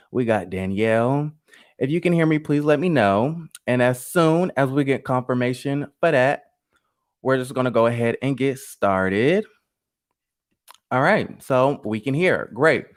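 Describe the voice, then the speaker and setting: A man hosting a live gossip stream, chatty and sassy, talking straight to his chat. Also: medium pitch. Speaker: host of a live gossip show. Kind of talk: casual live-stream commentary.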